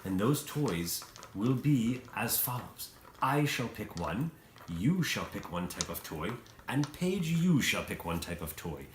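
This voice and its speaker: A man's voice: lowish voice, sing-song, measured pace. A man voicing a fussy, officious male referee of a toy makers guild in a tabletop game, recorded in an echoey room with faint noise.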